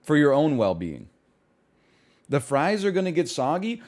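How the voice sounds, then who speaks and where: Male streamer, slightly high voice, incredulous casual ranting. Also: a little slow, long pauses. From Canada. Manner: incredulous, animated ranting with laughs. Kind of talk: casual chat.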